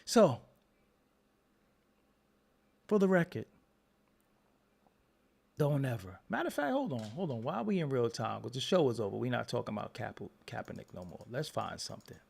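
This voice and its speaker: A man's voice: medium pitch, sing-song, normal speed, gravelly, long pauses, a little mellow, breathy edge. A man hosting his own show, doing livestream roast commentary in a mock-outraged, teasing way. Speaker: show host.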